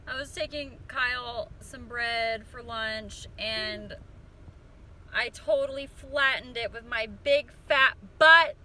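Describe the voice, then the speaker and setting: In her home kitchen, a young woman films a baking vlog, speaking slowly in a slightly high, bright, forceful voice. Her chat is casual, playful, and self-mocking, her words sometimes tangle, and quiet music plays behind.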